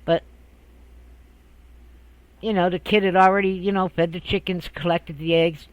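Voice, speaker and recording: A man's voice: sits high, little pitch movement, normal speed, no room sound, rough recording. An older man telling a childhood memory in a rambling, casual way, laughing often and restarting his sentences. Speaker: storyteller. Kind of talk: casual personal storytelling.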